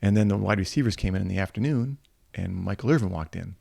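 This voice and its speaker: A middle-aged football coach from Michigan talks in a low, rough, gravelly voice with a husky edge. He tells his stories casually and with animation, slipping into the voices of the people he quotes. The sound is close and dry, with no room around it. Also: fast, a little mellow, no room sound. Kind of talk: casual storytelling.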